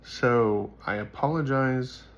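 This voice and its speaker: A man's voice: mid-range voice, takes it slowly, highs cut off. A man speaking to his viewers in a casual, earnest monologue, rambling with many fillers as he talks about his faith. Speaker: faith vlogger.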